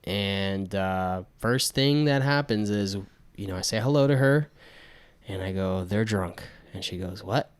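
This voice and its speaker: Young male podcast co-host, low and smooth, tells stories by acting out quotes, dry close sound. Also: measured pace, no room sound. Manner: retells events with acted quotes, frequent restarts. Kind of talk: casual storytelling chat.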